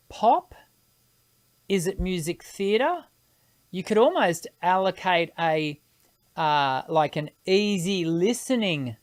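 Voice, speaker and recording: Low-voiced woman teaching singing. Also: dry recording. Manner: thinks aloud, explanatory, with technical vocal terms. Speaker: singing teacher hosting a live Q&A. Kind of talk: live-stream Q&A, answering viewer questions.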